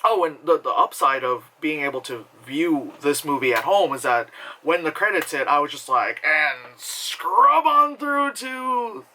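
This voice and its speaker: Bright, rambling profane man reviewing a movie. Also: a little high, normal speed, rough recording. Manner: rambling, profane, self-mocking with frequent laughs. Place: home.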